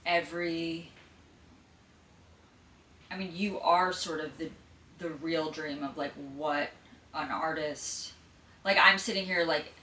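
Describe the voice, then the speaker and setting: A woman hosting an interview who wanders through her questions with plenty of fillers. Her voice is slightly low yet bright and forceful. She sits a bit back from the mic in an echoey room with faint background noise. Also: steady tone, slow pace, long pauses, far from the mic. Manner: rambling, hesitant questions with many fillers. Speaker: podcast host. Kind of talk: casual interview chat.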